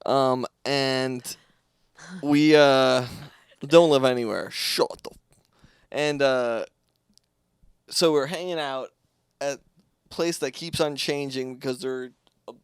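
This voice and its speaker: A young man co-hosting a casual comedy podcast at home, playful and quick to swear and joke around. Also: mid-range voice, steady tone, smooth, no echo, clean studio sound. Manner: playful, swears, jumps into silly voices. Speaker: podcast co-host.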